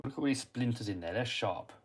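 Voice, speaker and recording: A man's voice: mid-range voice, lively intonation, quick pace, slightly rough. An English man hosting a casual live stream about radio-control cars, reading out viewer comments and answering them, muttering to himself while he cleans parts. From England. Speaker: RC hobby livestream host. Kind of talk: casual live-stream chat while working on a model car.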